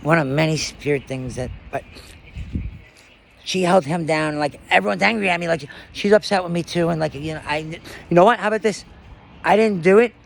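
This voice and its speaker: A man's voice: a little high, a little fast, vocal fry, slight background noise. A man in a raw personal monologue, rambling, emotionally distressed and swearing often. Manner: profane.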